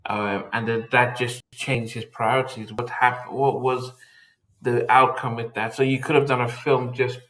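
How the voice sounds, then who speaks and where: A soft-spoken man co-hosting a relaxed film chat. He sounds thoughtful and unhurried, with frequent stammered repeats as he gathers his thoughts. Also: mid-range voice. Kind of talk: casual chat.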